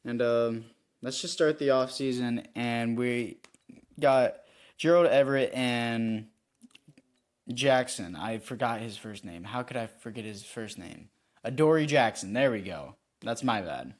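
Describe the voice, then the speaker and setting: This young YouTuber's gameplay commentary on a football video game is rambling and self-critical, punctuated by frustrated outbursts. He speaks at a measured pace in a mid-range voice with lively intonation.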